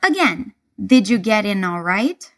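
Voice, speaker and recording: Slow, lively woman teaching English. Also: mid-range voice. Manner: clear, deliberate, breaks phrases into single words. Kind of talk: slow repeat-after-me pronunciation lesson.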